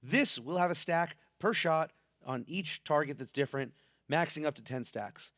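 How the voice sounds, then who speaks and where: A man's voice: a little high, normal speed, a bit bright, dry recording, studio quality. A man hosting a game build video, talking in a hyped, playful, slangy way, with a sick voice. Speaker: gaming channel host. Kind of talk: casual game build commentary.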